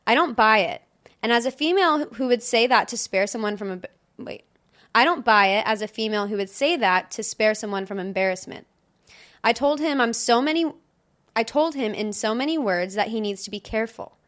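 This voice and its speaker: A young woman co-hosting a casual podcast, reading stories aloud in a chatty way. Her voice sits fairly high, and she breaks into laughter often. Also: a bit bright. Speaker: podcast co-host.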